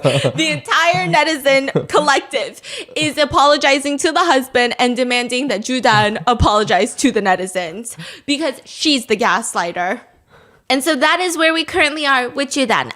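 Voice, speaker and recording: A high-pitched woman in her thirties hosts a casual talk show. She tells stories in a lively way, laughs often, and acts out the lines of the people she talks about. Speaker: podcast host. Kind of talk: casual storytelling chat.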